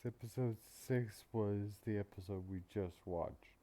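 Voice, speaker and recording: Slow, very dark-voiced man rambling. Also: lowish voice. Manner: rambling, filler-heavy, profane. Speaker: anime reaction channel host. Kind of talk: casual reaction commentary.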